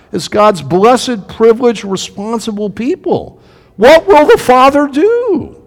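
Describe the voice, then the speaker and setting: A man preaching a sermon in a lively way, acting out the voices in the story and putting questions to his listeners. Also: high voice, in a large hall. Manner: animated, acts out quotes, asks the congregation questions. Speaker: pastor.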